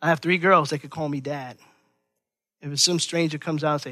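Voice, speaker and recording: A middle-aged man preaching a sermon as pastor, swinging from loud emphatic lines to quiet, hushed asides. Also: a little high, steady tone, fairly quick, no room sound.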